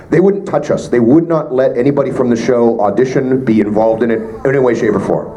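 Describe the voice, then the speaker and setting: A Canadian voice actor answering fan questions at a convention panel, joking with quick asides. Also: male voice, mid-range voice, animated, dark tone, low-quality recording. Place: convention panel room with audience. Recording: live room with crowd noise.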